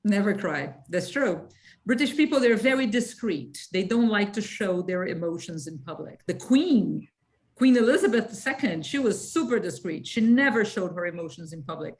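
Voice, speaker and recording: A woman's voice: mid-range voice, lively intonation, moderate pace, rough recording. A woman teaching an English lesson. She explains patiently and keeps checking whether her students understand.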